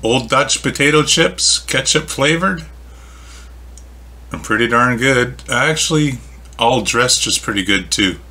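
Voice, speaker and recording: Slow-talking bright man in his fifties. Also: medium pitch, lively intonation. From Canada. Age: 50s. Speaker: reaction video host. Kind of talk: casual reaction commentary.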